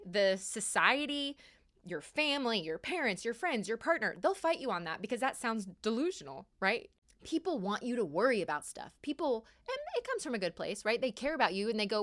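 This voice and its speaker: A young woman hosting a podcast, giving casual spiritual advice in an emphatic, animated way and repeating key words for stress. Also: medium pitch. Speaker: podcast host.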